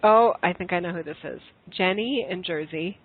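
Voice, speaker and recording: A woman's voice: on the low side, normal speed. A woman hosting a spiritual call-in podcast, talking to callers in an effusive, affectionate way. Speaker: podcast host. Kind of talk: call-in spiritual talk show. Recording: tinny phone-like sound.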